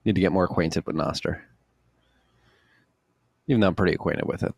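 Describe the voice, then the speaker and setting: Male podcast host, deep and dry, relaxed joking banter. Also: a little fast, gravelly, slightly rough, dry recording. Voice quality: relaxed, jokey, calls listeners freaks. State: a little tired after a workout. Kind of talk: casual chat.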